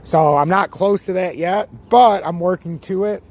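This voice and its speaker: A man with a high-sitting voice, speaking at a moderate pace, hosts his own crypto chart channel and rants in a worn-out voice. His casual, profane market commentary is full of swearing and animated sports comparisons.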